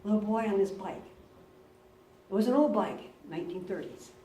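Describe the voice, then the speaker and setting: A woman's voice: mid-range voice, moderate pace, warm tone, a little hiss or hum. A woman pastor giving a sermon, telling personal stories earnestly and repeating words for emphasis. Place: church. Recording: roomy church, recorded from a distance.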